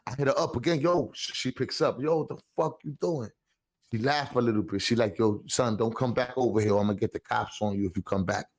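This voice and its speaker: Speaking briskly at a medium pitch, a man in his 40s from the Bronx, New York, shares a long personal story as a podcast guest. His casual storytelling leans on heavy street slang and the check-in "you heard?"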